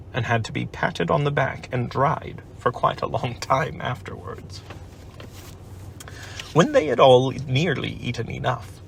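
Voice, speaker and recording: A man narrating a children's storybook aloud at home in an unhurried, expressive manner. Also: medium pitch, vocal fry, a little hiss or hum. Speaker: audiobook narrator. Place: home, family baking nearby. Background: faint household sounds of cookie making.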